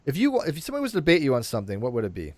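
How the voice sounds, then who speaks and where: A man hosting a casual panel chat, animated, often repeating himself and restarting his sentences. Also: medium pitch, rapid-fire, a crowd in the background. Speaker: show host.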